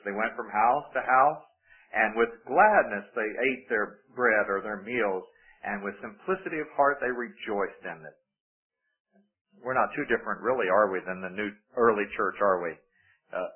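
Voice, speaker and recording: A man's voice: medium pitch, husky. A man preaching a sermon, praying and then telling folksy, joking stories to his congregation. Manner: folksy, joking, with prayerful passages. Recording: tinny, phone-like radio broadcast.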